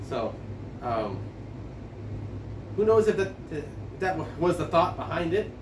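A man's voice: on the high side, big pitch swings, slow, long pauses, background noise. Rambling, stammering guy heard from afar. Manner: rambling, stammering, profane storytelling. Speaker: homebrewer reviewing beer. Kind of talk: casual rambling vlog. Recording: echoey room, distant from mic.

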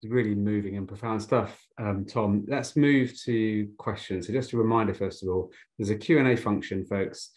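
Male host, low-pitched, calm and reflective moderator on a video call. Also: normal speed, few pauses.

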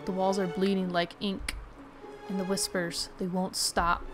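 A woman's voice: mid-range voice, little pitch movement, a little slow, over loud music, close to an everyday voice. A woman voicing a paranoid, frightened male patient in the middle of a breakdown, talking in an agitated, pleading way.

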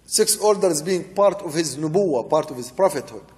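A man with a fairly high, warm and mellow voice gives a religious lecture. He recites short Arabic verses, then explains them in English, circling back to his key points. His voice rings out with a long reverb, as if in a large hall. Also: animated, moderate pace. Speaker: sheikh teaching Quran commentary.

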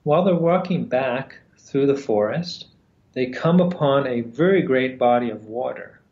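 Slow, halting male storyteller. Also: medium pitch, animated, darkish tone. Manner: slow and halting, with long pauses and fillers. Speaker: storyteller and teacher. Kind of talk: storytelling in a lesson. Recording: roomy, slightly dull sound.

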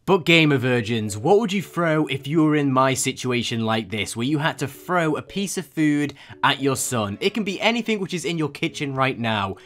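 A man's voice: mid-range voice, expressive, moderate pace, few pauses. A young man hosting a comedic reaction video, incredulous and sarcastic, breaking into laughter often. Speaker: YouTube reaction host.

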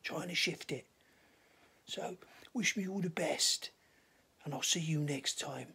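A gravelly, husky cockney geezer, put on by a middle-aged man in a comic vlog, boasting and cheeky. The voice is rough and breathy with a dry, close sound from a bedroom. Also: a little high, slow, sharp tone, dry recording, exaggerated voice. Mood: sheepish. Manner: boastful, cheeky, swaggering delivery. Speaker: comedy vlogger. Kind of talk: comic monologue in a put-on character voice.

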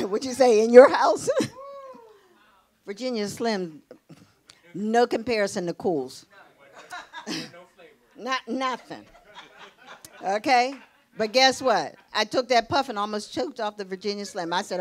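A middle-aged woman preaching a sermon, telling stories lively with laughter and sudden rising exclamations. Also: mid-range voice, unhurried. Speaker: pastor.

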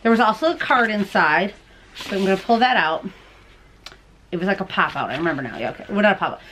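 A woman's voice: mid-range voice, lively intonation, fast, a bit bright, slight background noise. A woman hosting a crochet and knitting show, chatting casually to camera as she opens mail at home, bubbly and gushing and often laughing. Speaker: crochet and knitting podcast host.

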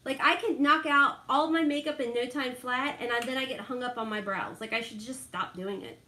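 A woman's voice: sits high, a little fast, pushed and bright, roomy sound. A middle-aged woman, chatting casually and laughing a lot with live viewers while doing her makeup. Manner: chatty, laughs often, reads out viewer names.

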